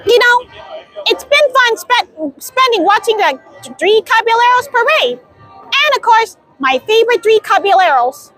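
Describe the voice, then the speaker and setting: Very high-voiced giggly young woman. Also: sing-song, measured pace, fairly bright tone, soft background music, a faint crowd. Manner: giggly and gushing, with frequent laughs. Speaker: vlogger. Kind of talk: excited theme-park vlog chat. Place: outdoor theme park.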